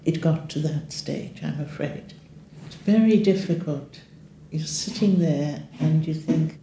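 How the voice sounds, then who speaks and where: Speaking at a measured pace in a deep voice, this older woman tells her story as a patient during an interview. She is candid and wry and performs the voices she quotes, while the echoey room holds soft music and a slight hiss or hum.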